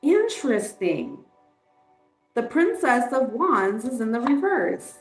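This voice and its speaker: A woman's voice: fairly high pitch, big pitch swings, takes it slowly, echoey room, soft background music, rough recording. A woman giving a casual tarot card reading, chatty and candid, swearing and laughing often. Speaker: tarot reader.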